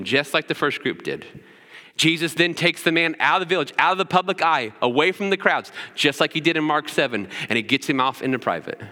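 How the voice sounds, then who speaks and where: Man, pastor, sermon, frequent "right?" asides, bright voice, reverberant hall. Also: medium pitch.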